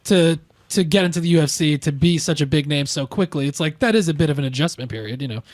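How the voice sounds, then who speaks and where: Fast-talking man co-host. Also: fairly high pitch, dry recording, clean studio sound. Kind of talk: casual chat. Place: studio.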